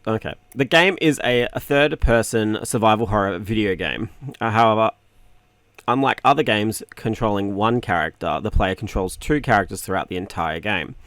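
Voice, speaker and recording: A man's voice: on the low side, fairly bright tone, dry recording. An Australian man hosting a casual podcast quiz, reading game clues aloud with stumbles and laughs. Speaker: podcast host running a game-guessing quiz.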